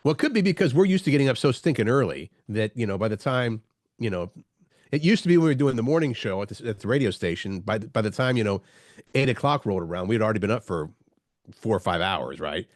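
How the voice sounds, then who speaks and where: Guy cohosting a morning show, stuffed up nose from a cold, talks fast, dry close mic. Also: fairly low pitch, animated, no echo. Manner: easygoing, chatty, fast-talking. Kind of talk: casual radio-style chat.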